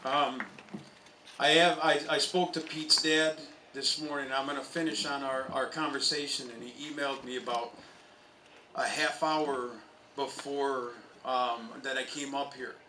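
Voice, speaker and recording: A man's voice: medium pitch, steady tone, measured pace, bright, forceful tone, reverberant, far from the mic, a little hiss or hum, poor audio. A man, a college soccer coach, telling stories at an outdoor memorial speech. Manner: anecdotal storytelling, with chuckles. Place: outdoor stadium.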